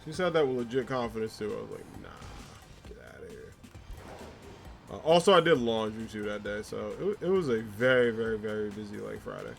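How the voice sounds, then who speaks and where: This gamer speaks quickly in a lowish, gravelly voice, barely pausing as he streams. Reading his viewers' comments out loud, he responds in a loose, rambling way full of fillers and laughs. Game music is faintly audible behind him.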